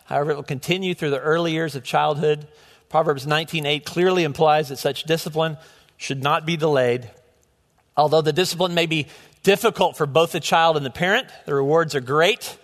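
Earnest male preacher, middle-aged, slightly high pitch, live church sermon. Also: steady tone, a little fast, fairly bright tone. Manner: earnest, with frequent restarts and repeated words. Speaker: pastor. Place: church sanctuary. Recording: long hall reverb.

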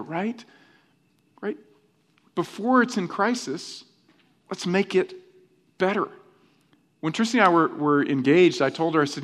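A middle-aged man preaching a conversational sermon as pastor, animated and often tagging his points with rhetorical questions. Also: high voice, measured pace, long pauses.

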